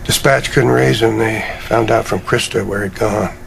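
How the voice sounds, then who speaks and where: An actor playing a weary ex-cop delivering grave news, in a film clip. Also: male voice, fairly low pitch, fairly even intonation, moderate pace, vocal fry, slight background noise. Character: weary grieving ex-cop man. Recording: film clip with faint ambience.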